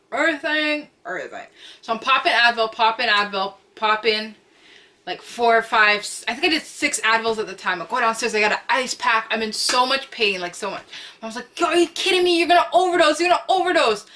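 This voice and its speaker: Young woman vlogger, bright voice, lively slangy storytime delivery, home camera setup. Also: a little high, normal speed. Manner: animated, chatty, slangy, repeats phrases for emphasis; acts out quotes with loud cries. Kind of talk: storytime vlog.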